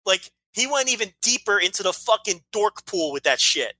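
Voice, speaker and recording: A man's voice: high-pitched, big pitch swings, normal speed, pushed and bright. A man co-hosting a podcast, ranting heatedly and swearing freely in casual chat. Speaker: podcast co-host.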